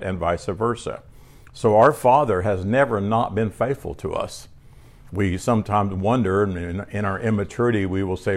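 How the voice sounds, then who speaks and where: A man preaching a sermon in a conversational teaching manner, reading scripture aloud and often restarting phrases. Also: fairly low pitch.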